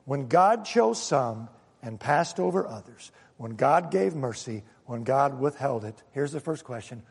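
A man's voice: mid-range voice, lively intonation, a little slow, vocal fry, slightly rough, in a large hall. A male pastor preaching a sermon, emphatic and fond of rhetorical questions to his congregation.

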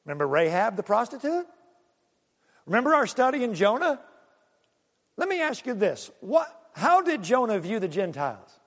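A man preaching a sermon, animated and full of rhetorical questions and acted-out asides to the congregation. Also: high voice, moderate pace, long pauses, long reverb tail. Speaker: pastor.

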